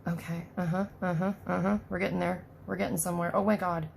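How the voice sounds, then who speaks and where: A woman's voice: on the low side, little pitch movement, fast talker, creaky, a little mellow, a little hiss or hum. A woman hosting a casual unboxing video, chatty and self-deprecating, talking to the doll as she works. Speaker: unboxing vlogger.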